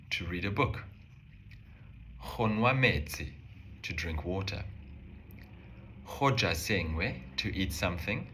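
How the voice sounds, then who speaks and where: A man calmly explaining a language lesson step by step, slowing down to say example phrases. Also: sits low, slight background noise. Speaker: language teacher.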